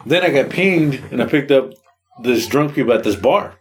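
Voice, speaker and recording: Animated man telling stories. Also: medium pitch, normal speed, a little hiss or hum. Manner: animated storyteller, acts out his own reactions, swears a lot. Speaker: podcast co-host. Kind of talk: casual storytelling chat.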